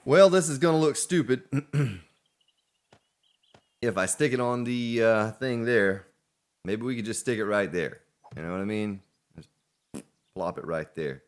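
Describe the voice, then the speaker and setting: Low-voiced guy doing a let's play, rambly casual commentary, talks to himself while building. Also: animated, unhurried, long pauses. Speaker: gaming let's play host.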